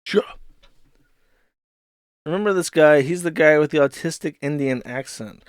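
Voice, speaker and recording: A man's voice: a little high, animated, a little slow, clear, resonant tone, no echo, clean studio sound. A man hosting a live stream, reading posts and mocking them in a rambling, swearing commentary. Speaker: streamer host.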